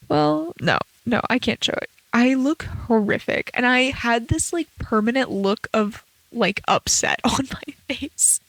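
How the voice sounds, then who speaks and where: A college student of around 20, a young American woman, hosts her own solo podcast from her bedroom at home. Her voice is on the high side with no echo, and she chats casually and ramblingly, with lots of fillers and playful acted-out quotes.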